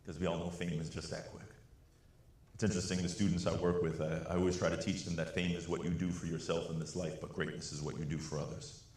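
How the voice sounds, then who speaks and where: A low-voiced man tells a story to a conference audience, slipping into the voices of the people he quotes. His voice rings out through a big echoey hall. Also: flat delivery, quick pace, a little mellow. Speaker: keynote speaker. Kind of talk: storytelling speech.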